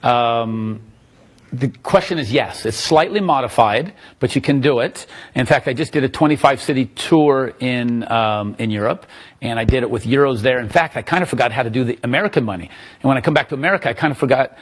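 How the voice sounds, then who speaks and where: A man teaching magic to a live audience in a room, answering questions in a joking, animated, self-mocking way. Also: mid-range voice, fairly quick, breathy edge.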